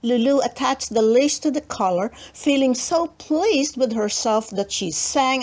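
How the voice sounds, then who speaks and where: A woman reading a children's storybook aloud in a slow, expressive storytelling manner. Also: a little high. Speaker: read-aloud book narrator.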